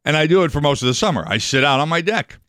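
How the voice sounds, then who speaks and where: A man's voice: a little high, animated, fast, fairly bright tone, no echo, studio quality. A man co-hosting a radio show, chatting in a playful, joking way and laughing easily. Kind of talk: casual radio banter.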